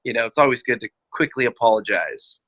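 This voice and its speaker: Bright-voiced man telling stories on a podcast. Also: medium pitch, brisk, slightly rough, lo-fi sound. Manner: animated storytelling, acts out quotes, laughs often. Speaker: podcast host; marriage counselor. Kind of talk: casual podcast chat.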